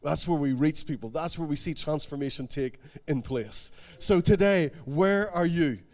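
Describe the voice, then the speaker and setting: High-voiced preacher, animated. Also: male voice, normal speed. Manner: animated, acts out the quotes he tells. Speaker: pastor. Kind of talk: sermon.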